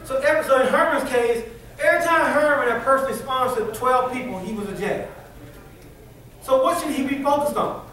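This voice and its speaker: An animated man leads a motivational training session and keeps quizzing the crowd in casual speech. His voice sits very high. It comes from a distance in a hall with heavy echo. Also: fairly quick. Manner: animated, colloquial, quizzes the audience. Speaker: sales trainer. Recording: echoey hall from far off.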